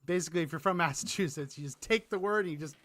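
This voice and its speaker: Guy co-hosting a political talk show, bright voice, rambles and restarts, dry close mic. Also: fairly high pitch, brisk, dry recording. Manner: meandering, restarts sentences, chuckles. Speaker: podcast co-host. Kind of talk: casual political chat.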